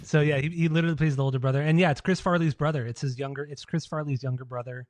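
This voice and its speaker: A man chatting casually as a podcast co-host, his voice sitting a little high. He rambles with plenty of filler and laughs easily. The sound is dry and close. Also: steady tone, rapid-fire, darkish tone, dry recording. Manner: rambling, laughs often, heavy use of "like".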